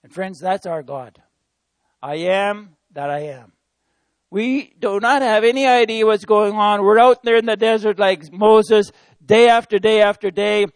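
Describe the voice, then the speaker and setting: A man's voice: high-pitched, fairly even intonation, unhurried, no echo. A man who works as a missionary, preaching an informal sermon in an earnest, conversational way and speaking to listeners as friends.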